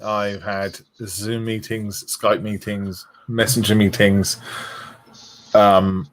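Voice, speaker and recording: A man's voice: fairly low pitch, little pitch movement, slow, slight background noise, low-quality recording. A man with a southern English accent, a guest on a livestream chat, rambling and self-mocking. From southern England.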